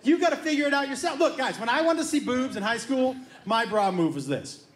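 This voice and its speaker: A man's voice: very high voice, fairly quick. Guy doing stand-up in a club, acting out both sides of a convo, roomy sound, noisy crowd. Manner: animated storytelling, acts out both sides of a dialogue. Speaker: stand-up comedian. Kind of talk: stand-up comedy storytelling. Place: comedy club stage with live audience. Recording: live club room echo with crowd laughter.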